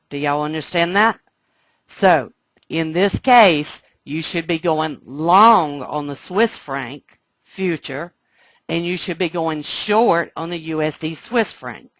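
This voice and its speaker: A woman teaching a live trading webcast, explaining step by step and often checking that listeners follow, sounding excited. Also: low-pitched, dry recording. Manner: excited, animated. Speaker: trading instructor. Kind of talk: live trading room lesson.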